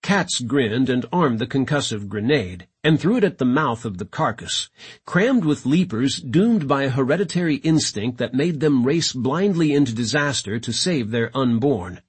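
A man reading a sci-fi audiobook in a dramatic, expressive narration. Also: mid-range voice, moderate pace, slightly rough. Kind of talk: scripted narration.

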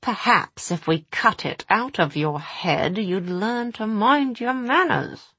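A woman's voice: mid-range voice, animated, slow pace, bright, forceful tone, breathy edge, dry recording, pitched above the performer's own voice, full character voice. A woman voicing a cold, menacing female villain in a storybook, silky and threatening.

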